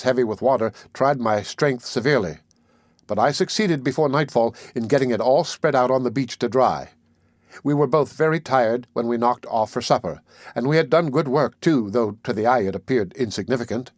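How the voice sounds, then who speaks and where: Male audiobook narrator, steady measured reading, middle pitch, dry sound. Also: dry recording. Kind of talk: first-person novel narration.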